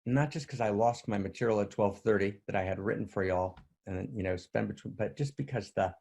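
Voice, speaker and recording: A tired spiritual teacher gives an earnest livestreamed talk, repeating himself and frequently checking in with listeners by asking "right?". His voice is fairly low, gravelly and a little mellow, and he speaks fairly quickly.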